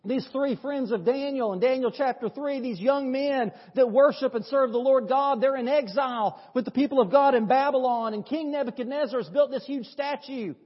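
High-voiced pastor preaching in a church. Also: male voice, normal speed, few pauses, husky. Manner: lively storytelling, conversational, with rhetorical questions. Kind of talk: sermon. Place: church sanctuary. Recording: dull audio with long church reverb.

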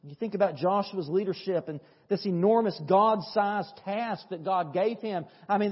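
Male pastor, storytelling sermon, dull lo-fi church recording with a long hall echo. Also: very high-pitched. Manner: lively storytelling, conversational, with rhetorical questions. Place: church sanctuary.

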